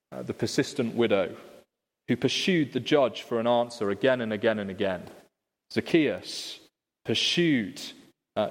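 Male preacher, mid pitch, chatty sermon full of rhetorical questions, long church-hall reverb. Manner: conversational, asks rhetorical questions. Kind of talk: expository sermon.

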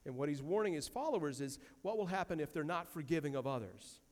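A male pastor delivers a sermon in a somewhat high voice, leaning hard on repeated words and scripture quotes. His voice rings with a long reverb off the church sanctuary. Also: expressive, fast talker, darkish tone. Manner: emphatic, repeats key phrases, quotes scripture.

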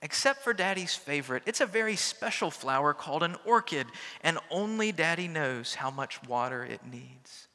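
A gentle storybook mother, lifted higher and brighter than an everyday voice, as a pastor reads her lines aloud. She speaks with a coaxing, instructive warmth, as if guiding a small child. The sound rings out in a large reverberant church. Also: lively intonation, normal speed, hardly any pauses.

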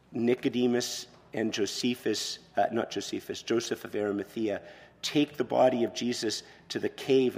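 A man preaching a sermon as pastor, expressive, moving between quiet, soft passages and loud emphatic ones. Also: medium pitch, creaky, long reverb tail.

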